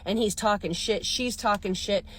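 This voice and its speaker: A woman's voice: mid-range voice, moderate pace, slight background noise. A woman in her thirties, a rideshare driver casually telling a story and acting out the people she quotes.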